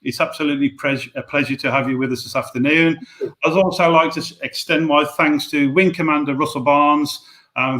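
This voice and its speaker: Black Country man, bright, forceful voice, hosting, video call, friendly announcements. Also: a little high. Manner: friendly, thanks people at length. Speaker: host. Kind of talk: live-stream announcements.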